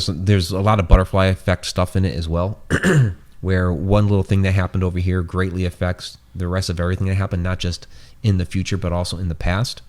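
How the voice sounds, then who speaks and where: Deep-voiced man in casual rambling chat. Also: mellow. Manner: rambling, many fillers and restarts. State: losing his voice. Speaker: host.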